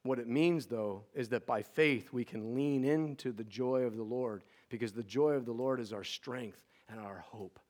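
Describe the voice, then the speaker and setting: A middle-aged man preaching a sermon as pastor, earnest and pleading, often restarting words in quick repeats. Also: medium pitch, a little mellow.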